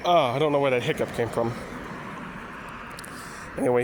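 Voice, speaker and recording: A man's voice: medium pitch, a little fast, noisy background. Rambling man reviewing a movie. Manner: rambling, with frequent restarts. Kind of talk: casual spoken review.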